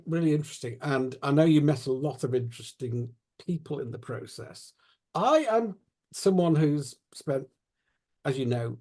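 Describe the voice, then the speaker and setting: A male interview host who talks in a rambling way, circling round his point while he searches for words. His voice sits at an ordinary middle pitch, and he keeps a relaxed, conversational tone.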